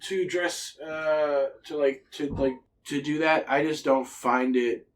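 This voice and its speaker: A man's voice: a little high, fairly even intonation, slow pace. A man co-hosting a podcast in casual, crude, joking chat, often trailing off with fillers. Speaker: podcast co-host.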